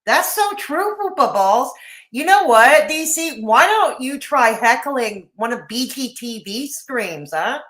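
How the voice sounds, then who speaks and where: A woman streamer reacts to a clip with biting sarcasm and casual swearing, breaking off to thank viewers. Her voice sits on the high side and sounds bright and forceful. The room around her is echoey. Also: expressive, takes it slowly. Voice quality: sarcastic, profane, talks back to the clip.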